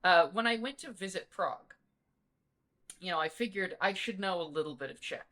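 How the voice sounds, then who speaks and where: A woman's voice: lowish voice, expressive, normal speed, sharp tone. A woman co-hosting a podcast in casual chat, rambling and repeating her words as she tells stories. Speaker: podcast co-host.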